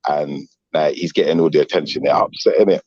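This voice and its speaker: Deep-voiced man telling a street story. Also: fairly quick, no echo, muffled recording. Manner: animated street-slang storytelling. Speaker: panel guest. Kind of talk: casual storytelling.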